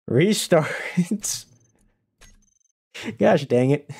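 A man's voice: mid-range voice, animated, extremely slow, pauses often, a little mellow, faint music behind. A man streaming a game live, chatting casually, laughing often and answering his chat as he plays.

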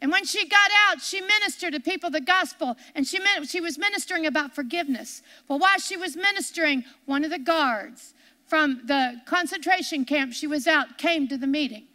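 High, bright-voiced woman preaching. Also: brisk, big-room sound. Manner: earnest, repetitive retelling with restarts. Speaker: television ministry co-host. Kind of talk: sermon storytelling. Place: television studio set.

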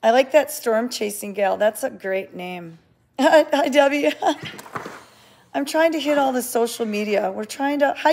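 A woman with a fairly high voice chats through a livestream from an indoor cat sanctuary, greeting viewers one by one and cooing softly at the cats. She takes her time, drawing her words out at an easy, unhurried pace. It sounds like a handheld phone. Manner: chatty, greets viewers by name and coos at cats. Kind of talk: casual livestream chat.

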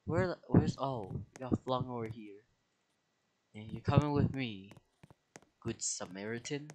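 A young man giving casual let's play commentary, excitable, with dramatic outbursts, squeals and slang. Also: medium pitch, unhurried, slight background noise, low-quality recording. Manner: slang-heavy casual talk. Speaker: gaming video creator.

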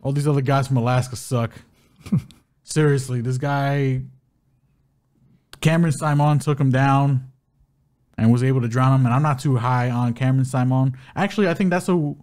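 A man's voice: mid-range voice, normal speed, pauses often. A man co-hosting a podcast, chatting casually and loosely, with plenty of slang. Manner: loose, animated, uses slang. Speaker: co-host. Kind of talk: casual betting podcast chat.

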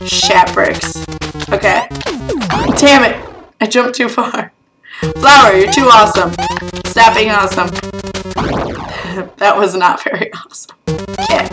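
A woman's voice: fairly high pitch, rough recording. A young woman commenting on a platform game as she plays, yelping, laughing and swearing at it. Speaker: gaming video host. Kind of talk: let's play commentary. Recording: game music in background.

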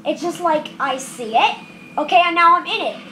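Very high-voiced, excitable gaming commentator. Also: female voice, moderate pace, slight background noise. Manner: jittery, then shouting with excitement. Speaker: gameplay commentator. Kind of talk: casual game commentary. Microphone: camera filming a screen.

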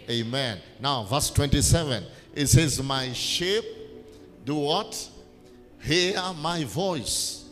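Slow, emphatic bishop preaching. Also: male voice, mid-range voice, a bit bright. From Kenya. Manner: emphatic, repetitive call-and-response preaching. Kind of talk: sermon. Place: large church hall. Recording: reverberant church hall with music.

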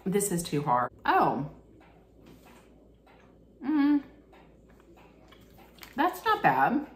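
A woman's voice: medium pitch, huge pitch swings, very slow. A woman casually unboxing and taste-testing snacks for her vlog, chatty and candid, thinking aloud as she goes. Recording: roomy echo.

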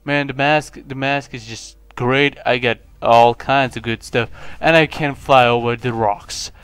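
A man's voice: medium pitch, unhurried, smooth, no room sound. Rambling young man over game music. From Lithuania. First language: Lithuanian. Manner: rambling, self-mocking, with sudden excited yelps. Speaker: gaming channel host. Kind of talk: casual gameplay commentary.

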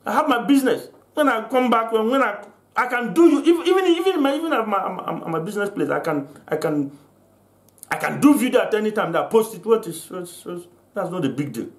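A man's voice: high-pitched, sing-song, brisk. An older man from Africa delivering an angry vlog rant, accusing and full of repeated restarts. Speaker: vlogger. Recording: roomy echo.

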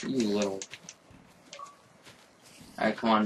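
A young man commentating his own game, excitable and swearing, with sudden yelling outbursts. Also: mid-range voice, a little slow, distant mic, a little hiss or hum. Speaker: gamer.

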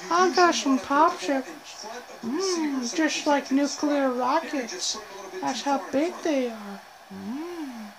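A woman's voice: high-pitched, a crowd in the background, voice pushed up, low-quality recording. A woman doing a voice of a creepy, leering old male pervert, humming and drawing out her words. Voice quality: slow drawn-out humming "mm".

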